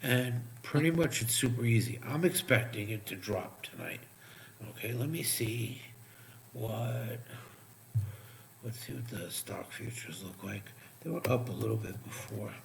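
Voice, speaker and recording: A man giving profane, sarcastic live trading commentary, muttering asides as he checks charts, while his voice is going hoarse. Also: medium pitch, a little slow, slight background noise. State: losing his voice. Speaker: crypto trading streamer.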